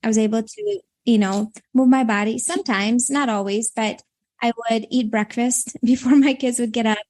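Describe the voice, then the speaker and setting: A woman's voice: on the high side, moderate pace, darkish tone. A woman in her thirties with a Minnesota accent, born in Latvia, speaking as a guest coach in a podcast interview and rambling with many fillers.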